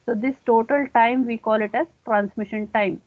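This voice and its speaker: A woman's voice: on the high side, fairly even intonation, moderate pace, dry recording. Tinny-sounding woman lecturing step by step. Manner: explains step by step, often saying okay. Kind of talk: classroom lecture. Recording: dry, tinny phone-like sound.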